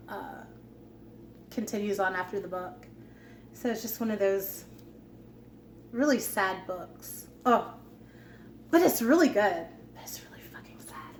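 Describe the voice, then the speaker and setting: Slow-talking chatty woman in an echoey room. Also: medium pitch. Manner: chatty, many ums, trailing asides. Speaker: vlogger showing her book collection. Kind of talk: casual chat. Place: at home. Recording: echoey room with faint background hum.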